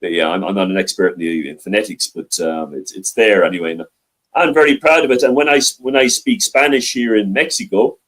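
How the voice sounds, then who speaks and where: Low-voiced man with a mild Dublin accent. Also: brisk, a bit bright, low-quality recording. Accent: Dublin Irish, mild. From Ireland. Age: older. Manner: hesitant, many restarts and fillers. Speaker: guest. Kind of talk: casual interview chat. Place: library.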